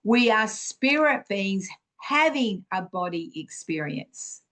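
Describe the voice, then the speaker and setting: A woman's voice: medium pitch, lively intonation, slow pace, fairly bright tone. A woman hosting a podcast, giving an earnest, encouraging spiritual teaching talk, full of fillers and restarts. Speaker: podcast host.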